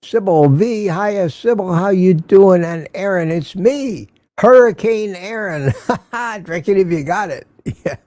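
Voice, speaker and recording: An older man chats through a casual morning live stream, greeting viewers one by one and laughing easily. His voice is mellow and slightly high, recorded close and dry. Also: takes it slowly, dry recording. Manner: chatty, greets viewers by name, laughs often.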